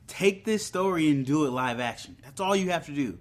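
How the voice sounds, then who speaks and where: A man's voice: fairly high pitch, expressive, brisk. A man hosting his own channel, giving a casual, rambling movie review with many ums and restarts.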